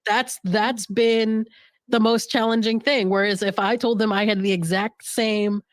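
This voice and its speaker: A woman's voice: medium pitch, steady tone, unhurried, no room sound. Candid, joking woman on a panel. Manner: candid, joking, laughs often, restarts phrases. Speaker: podcast network director. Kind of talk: casual panel conversation.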